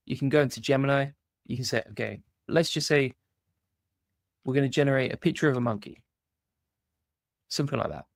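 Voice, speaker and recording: A British man giving a casual step-by-step software tutorial, often checking in with "right?" as he clicks through screens. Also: medium pitch, gravelly, no echo, clean studio sound. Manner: casual step-by-step walkthrough, frequent "right?" and "basically". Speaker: course instructor.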